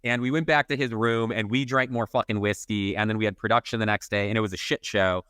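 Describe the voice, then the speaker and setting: Brief: man, podcast co-host, profane and lively, close dry mic. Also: lowish voice, fast talker, clean tone, dry recording. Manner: profane, swears constantly; lively, self-mocking storyteller. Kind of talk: casual storytelling chat.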